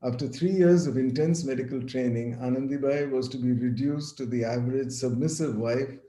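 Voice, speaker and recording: A man giving an academic lecture over a video call, measured and partly read aloud, with a few restarts. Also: mid-range voice, mellow, echoey room. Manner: measured, reads quotations with some restarts.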